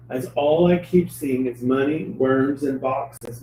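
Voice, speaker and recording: A man telling personal stories in a casual, animated way, acting out the dialogue and often laughing. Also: mid-range voice, slow pace, few pauses, a little hiss or hum. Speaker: spiritual reader on a live show. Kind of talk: casual storytelling. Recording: roomy, distant mic.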